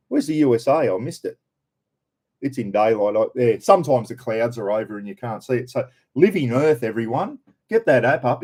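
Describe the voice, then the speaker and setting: A man's voice: medium pitch, warm tone. An older Australian man hosting a casual live stream, chatting and greeting viewers by name.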